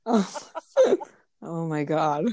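A woman's voice: deep voice, extremely slow, a little mellow. A middle-aged American woman chatting casually on a podcast, telling stories with frequent laughs and offhand swearing. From United States. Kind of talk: casual chat, telling anecdotes.

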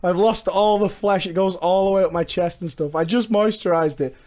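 A young man vlogging casually to a webcam at a desk indoors, his voice hoarse and worn, talking excitedly, swearing and laughing as he goes. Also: high voice, moderate pace. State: lost his voice.

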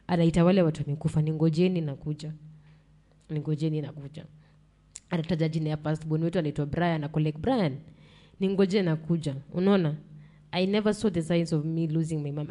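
This podcast guest is a young Kenyan woman with a mellow, lowish voice. She recounts a painful personal story bluntly, mixing English with Swahili slang, and she sounds emotional and close to tears.

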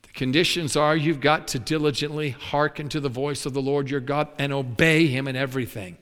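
A man preaching a sermon, animated, acting out the complaining voices of the people in his story. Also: medium pitch, brisk, clear, resonant tone. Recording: long hall reverb.

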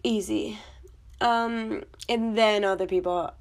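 A woman's voice: medium pitch, steady tone, takes it slowly. A woman vlogger talking casually about a film, chatty and blunt, with swearing and rambling asides. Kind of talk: casual chat.

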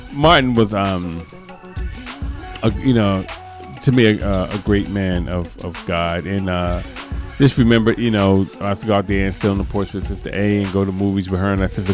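A man in his forties telling a funny church testimony, animated and laughing often as he acts out quotes. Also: fairly low pitch. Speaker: church speaker. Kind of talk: humorous storytelling testimony.

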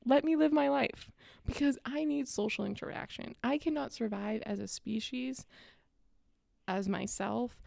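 A woman's voice: a little high, creaky, dark tone, no room sound, studio quality. A young adult woman delivering a sarcastic, exasperated casual rant about politics. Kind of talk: casual ranting monologue.

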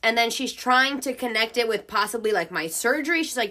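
A woman's voice: a little high, animated, moderate pace, sharp tone. A young woman hosting a podcast, telling a personal story in a frank, profane way and laughing often. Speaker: podcast host. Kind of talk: casual storytelling.

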